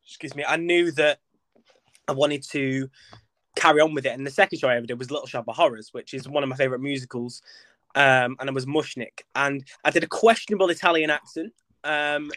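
A young man, chatting as a podcast guest in a flamboyant, expressive way. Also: mid-range voice, brisk, no echo. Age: young adult. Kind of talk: casual interview chat.

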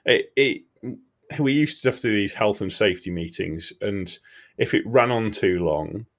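Animated storyteller, man. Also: lowish voice, normal speed. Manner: animated, swearing, laughing storyteller. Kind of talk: comic storytelling.

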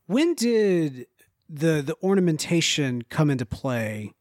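A man's voice: fairly high pitch, big pitch swings, slow, darkish tone, no room sound, studio quality. A man co-hosting a casual podcast, joking and playful. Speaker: podcast co-host.

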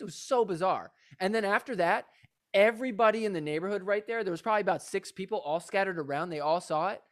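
A man's voice: high voice, fast talker. A man who is a guest on a podcast, chatting casually, swearing and laughing as he retells a story with energy. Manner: profane, laughing, animated retelling. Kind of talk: casual chat.

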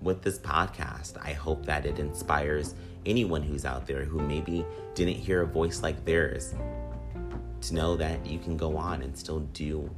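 Low-voiced man hosting a podcast over guitar music. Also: fairly even intonation, a little slow. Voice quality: whiny. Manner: upbeat, rambling, repeats himself with fillers. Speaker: podcast host. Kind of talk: casual solo podcast monologue. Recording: music playing under the voice.

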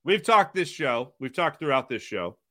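Upbeat male sports co-host, bright and lively, full of quick jokes. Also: mid-range voice. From Philadelphia area. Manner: animated, jokey, quick tangents. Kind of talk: casual sports talk.

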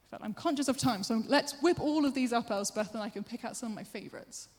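A woman preacher giving a sermon, chatty and self-deprecating, with quick asides to the congregation. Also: on the high side, a little mellow. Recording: long hall reverb.

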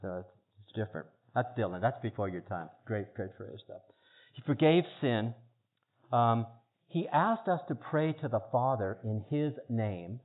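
A man giving an informal teaching talk, chatty and halting, often repeating words as he searches for phrasing. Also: medium pitch, lively intonation. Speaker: preacher. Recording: tinny phone-like sound.

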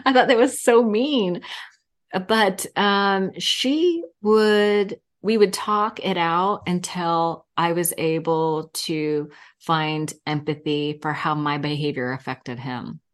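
A woman in her fifties talks as a podcast guest, her voice sitting slightly low. She tells candid, animated stories and breaks into laughter often. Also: slow pace. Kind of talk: casual interview chat.

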